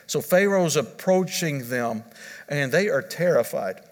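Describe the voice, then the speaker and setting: A man's voice: a little high, animated, unhurried, in a large hall. A man preaching a sermon as pastor, earnest, repeating his key points and restarting phrases as he goes.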